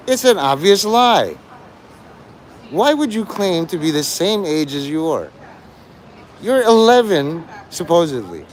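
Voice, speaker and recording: A sarcastic man streams live, teasing a viewer in a lively, swooping voice that sits a little high. His tone is mocking and crude. Faint traffic hums in the background. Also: measured pace, pauses often. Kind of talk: rambling livestream banter.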